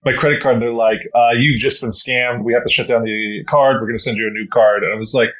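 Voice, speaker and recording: A man's voice: mid-range voice, fairly even intonation, fast talker, fairly bright tone. A young man co-hosting a podcast, telling stories in casual chat full of "like" and fillers. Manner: filler-heavy storytelling, lots of "like". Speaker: podcast co-host.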